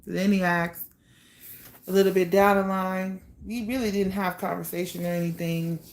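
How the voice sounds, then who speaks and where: A woman telling a painful personal story to camera, halting and soft-spoken, trailing off with pauses and sighs. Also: mid-range voice, steady tone.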